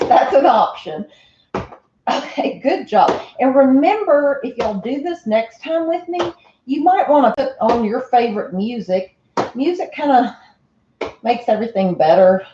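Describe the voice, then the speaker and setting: Woman fitness instructor, winded, cheerful coaching, unhurried; roomy far-off home recording. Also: fairly high pitch, highs cut off, background noise. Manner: encouraging, chatty, laughs often. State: out of breath. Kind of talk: home workout class.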